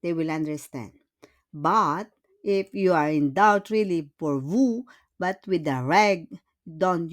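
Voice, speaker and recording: A woman teaching a French grammar lesson, patiently repeating words and checking in with "okay?". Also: on the low side.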